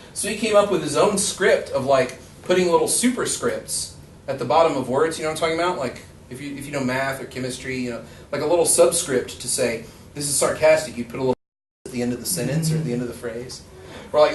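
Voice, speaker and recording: A man's voice: medium pitch, fast talker. A male rhetoric professor giving a casual, joking classroom lecture, acting out quoted voices as he talks. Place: lecture room. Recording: roomy echo, far from the mic, faint noise.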